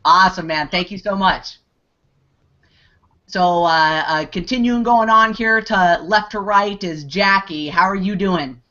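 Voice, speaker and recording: A man's voice: sits high, unhurried, sharp tone. A man hosting a live online Q&A, talking in a rambling way with many restarts and fillers. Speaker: host. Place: online video hangout. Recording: dull lo-fi video call audio.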